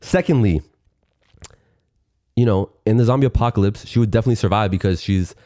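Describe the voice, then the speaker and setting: Joking and laughing frequently in a casual podcast chat, this male co-host has a dark-toned voice on the low side and talks fairly quickly. The recording is dry and studio-clean.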